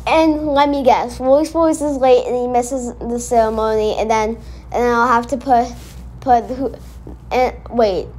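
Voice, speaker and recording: A woman hosting a casual reaction video, talking in an excitable, rambling way and often correcting herself. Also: fairly high pitch, a little slow.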